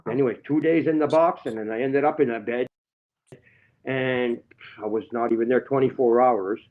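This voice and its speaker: A man's voice: medium pitch, moderate pace, phone-quality sound. A man rambling through a grievance in casual chat, swearing heavily. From Canada. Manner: rambling, heavily profane, aggrieved. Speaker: guest telling his story.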